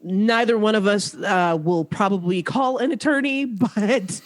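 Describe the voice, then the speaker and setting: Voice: medium pitch, unhurried. A podcast host in their thirties who laughs often and explains game rules with enthusiasm. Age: 30s. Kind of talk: casual chat.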